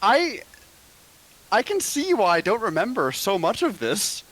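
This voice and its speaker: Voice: medium pitch, sing-song, measured pace, fairly bright tone, low-quality recording. A co-host on a game stream, joking and laughing with frequent stammering restarts. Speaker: co-player on a stream.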